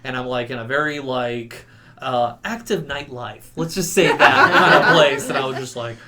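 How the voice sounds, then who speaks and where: Speaking at a moderate pace in a mid-range voice, a man guesting on a podcast tells stories about a trip in casual conversation. He animates them by acting out quotes and laughing along the way.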